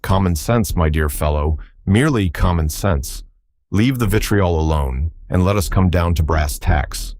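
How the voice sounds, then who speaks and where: A man voicing a cheerful, flippant young English gentleman detective, breezy and unflappable. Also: low voice, a little slow, no room sound.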